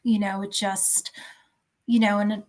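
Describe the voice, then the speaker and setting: A woman in her fifties, a podcast guest telling a personal story in a halting, soft voice that searches for words. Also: mid-range voice, flat delivery. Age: 50s.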